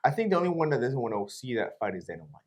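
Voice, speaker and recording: Male co-host, mid pitch, very lively intonation, supportive and emphatic. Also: very fast. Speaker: podcast co-host. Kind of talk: casual fight analysis chat.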